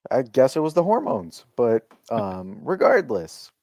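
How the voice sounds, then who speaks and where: A man co-hosting a podcast, telling a story in casual chat, animated and profane, swinging between loud and quiet. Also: medium pitch, unhurried, no room sound. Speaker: podcast co-host, restaurant owner.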